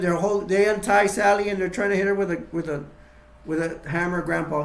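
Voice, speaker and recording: A man's voice: fairly high pitch, little pitch movement, fairly quick, gravelly, roomy sound. Rambling man retelling a horror film. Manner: rambling, restarts, acts quotes in raised voice. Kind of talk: casual acted-out retelling with toys.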